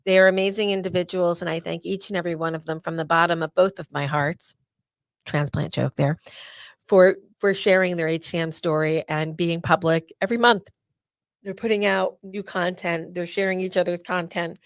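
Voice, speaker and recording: A woman hosts a live awareness presentation in a low, gravelly voice. She talks chattily and gets openly emotional. The sound is close and dry. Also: steady tone, moderate pace, dry recording. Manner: warm, emotional, chatty, uses y'all. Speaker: host of an awareness event.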